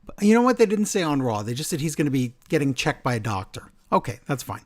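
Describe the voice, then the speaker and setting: A man hosting a wrestling podcast, recapping the show in an animated way and acting out quotes. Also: mid-range voice, fast. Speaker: podcast host. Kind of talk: casual chat recapping wrestling.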